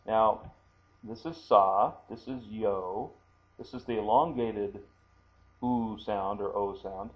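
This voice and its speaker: A man teaching a language lesson, talking slowly and haltingly with many fillers and repeating words for pronunciation. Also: fairly low pitch, fairly even intonation, dull audio. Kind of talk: screen-recorded language lesson.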